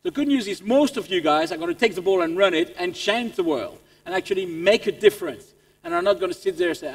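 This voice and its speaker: A man with a French accent giving an animated motivational business talk to staff. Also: high voice, fairly quick, gravelly. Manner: animated, repeats words as he restarts. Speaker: keynote speaker. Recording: long reverb in a large hall.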